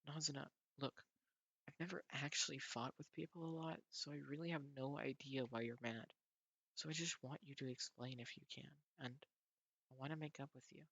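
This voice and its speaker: A man's voice: medium pitch, fairly even intonation, fairly quick, vocal fry, fairly bright tone, dry recording. A man reading a manga aloud as an anxious teenage boy, hesitant and earnest, with stammers. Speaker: narrator and reader.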